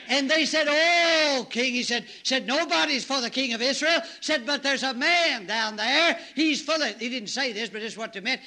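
Fiery high-voiced preacher man. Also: normal speed, hardly any pauses. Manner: animated storytelling, bursts into shouts and exclamations. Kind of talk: sermon.

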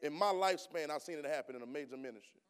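A man's sermon in church moves from casual talk and rhetorical questions to loud, emphatic bursts. His voice leans high, clear and resonant, and he races along.

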